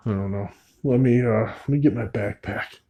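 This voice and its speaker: A man investigating an old store at night, narrating to camera and calling out to spirits, swinging from loud calls to hushed asides. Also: on the low side, normal speed, dull audio, slight background noise. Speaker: paranormal investigator. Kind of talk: solo ghost-hunting vlog narration.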